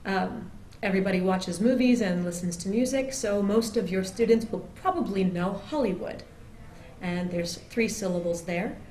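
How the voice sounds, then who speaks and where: A woman teaches pronunciation in an explanatory, patient way, pausing on fillers and drawing out example words slowly. Her voice sits at a middle pitch. The room has a noticeable echo and a faint ambient hum underneath. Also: dark tone. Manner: demonstrates words slowly and drawn out. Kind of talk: pronunciation lesson.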